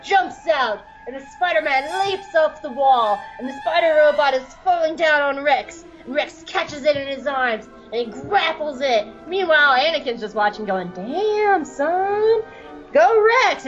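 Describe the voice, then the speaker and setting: A woman's voice: high-pitched, a bit bright, dull audio. Giggly woman rambling through a comic recap. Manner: rambling, giggly, profane storytelling. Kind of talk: comedic recap with quoted character voices.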